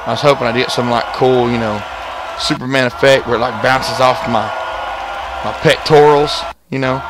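A young man giving excitable let's-play commentary, yelling and groaning at the game. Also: mid-range voice, moderate pace. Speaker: gaming YouTuber. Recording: game music and crowd noise behind.

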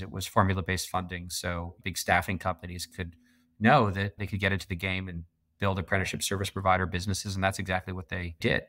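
Brief: low-voiced Canadian-born man, middle-aged, emphatic interview guest. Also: bright, forceful tone, no echo. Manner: emphatic, laughs often. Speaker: podcast guest. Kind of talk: casual interview conversation.

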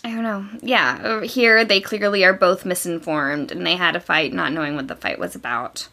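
Bright-voiced woman podcast guest. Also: lowish voice, normal speed. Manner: chatty, agreeable, laughs easily. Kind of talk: casual chat.

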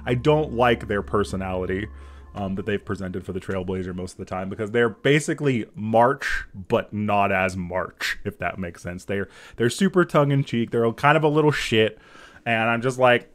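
A man in his thirties giving casual reaction commentary on a game, excitable, swearing and laughing often. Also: fairly low pitch, moderate pace. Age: 30s.

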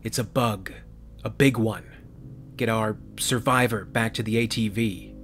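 A man's voice: lowish voice, steady tone, measured pace, fairly bright tone, faint music behind. A man voicing a tough male marine captain who barks orders. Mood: stern. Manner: commanding, barking orders.

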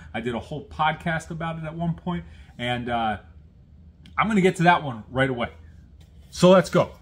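Chatty man unboxing records. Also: medium pitch. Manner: chatty, self-deprecating, quick asides. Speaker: host of an unboxing series. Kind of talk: casual unboxing vlog. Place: at work on a lunch break.

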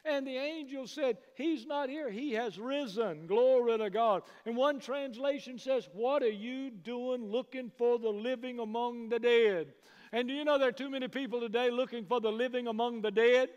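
A man preaching a sermon as pastor, building from hushed passages to loud praise. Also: very high voice, moderate pace, clear, resonant tone, highs cut off. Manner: preaching, rising to shouts of praise. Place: church sanctuary. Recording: long hall reverb.

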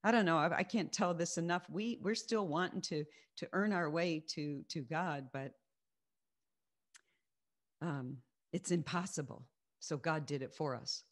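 A woman with a somewhat low voice teaches her faith group over a video call. She speaks earnestly and repeats her key phrases to drive them home while sharing her own testimony. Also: unhurried. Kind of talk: Christian teaching and personal testimony.

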